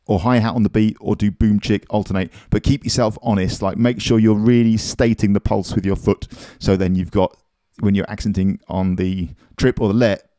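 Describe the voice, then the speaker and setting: A man's voice: lowish voice, warm tone, no echo, clean studio sound. A man teaching a drum lesson in a casual, encouraging, chatty way, counting beats aloud as he plays.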